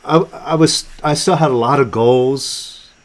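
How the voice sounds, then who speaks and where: A man hosting a live online teaching session, talking in a relaxed, conversational way with fillers and restarts. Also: medium pitch, measured pace. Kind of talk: casual teaching talk on a video call. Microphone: video call.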